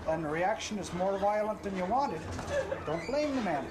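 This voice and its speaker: Man, stern lecturing tone, passerby, loud street noise. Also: high voice, lively intonation, moderate pace. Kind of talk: street argument.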